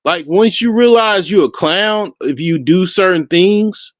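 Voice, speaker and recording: Slow-talking laughing man, dry close sound. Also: high voice, no echo. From Africa. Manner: profane, laughing, rambling with frequent restarts. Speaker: podcast host. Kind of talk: casual solo commentary.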